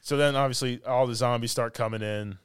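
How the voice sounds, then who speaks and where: A man on a podcast who recaps a film scene by scene in casual chat. He rambles, laughs often, and acts out lines in loud, silly voices. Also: mid-range voice, steady tone, brisk, clear, resonant tone, dry recording, studio quality. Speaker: podcast co-host.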